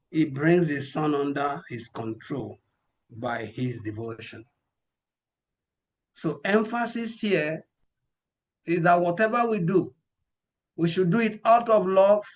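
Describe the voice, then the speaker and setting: A man preaching a scripture class, measured and emphatic, quoting verses. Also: high voice.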